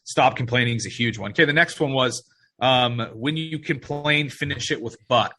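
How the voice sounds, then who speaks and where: A man's voice: mid-range voice, moderate pace, pushed and bright, a little hiss or hum. A man hosting a casual podcast conversation, talking in an earnest, agreeable way and often restarting his phrases. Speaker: podcast host.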